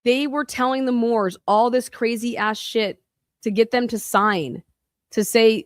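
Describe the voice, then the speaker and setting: A woman's voice: on the high side, a little slow, dry recording, studio quality. A woman podcast host delivering a heated, profane rant in an angry monologue.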